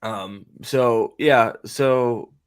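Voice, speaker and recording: A man's voice: mid-range voice, very slow, smooth. A man hosting a casual reaction commentary, rambling, profane and sarcastic, with frequent restarts. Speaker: host.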